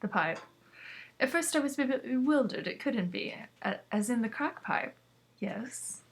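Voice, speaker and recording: A woman's voice: high voice, expressive, normal speed. Woman casually reading a book aloud. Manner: unpolished, with self-corrections and asides. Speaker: reader.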